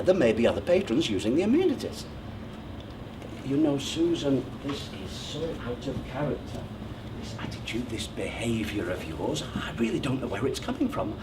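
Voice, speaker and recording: On a theatre stage, a stage actor with a natural, medium-pitched voice plays a pompous, controlling, self-assured man who is proposing, heard over a noisy background. His monologue is smug and condescending, with overly precise speech.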